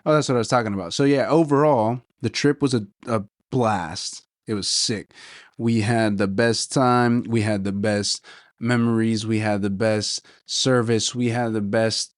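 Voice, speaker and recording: A man's voice: fairly low pitch, fairly even intonation, measured pace, dry recording. Chatty young man, dry close sound. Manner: enthusiastic, rambling, says "dude" a lot. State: slightly losing his voice. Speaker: podcast host. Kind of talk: casual solo podcast talk.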